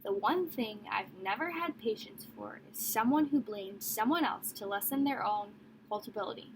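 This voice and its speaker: A woman's voice: a little high, animated, normal speed, background noise, lightly acted. A woman voicing a stern, cold middle-aged male prison warden who barks and roars at children. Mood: stern scolding.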